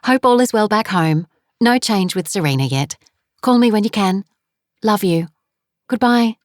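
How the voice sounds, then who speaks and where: A woman's voice: mid-range voice, lively intonation, unhurried, no room sound, clean studio sound, pitched above the performer's own voice, lightly acted. A woman voicing a tired, worried middle-aged mother who speaks tenderly and anxiously.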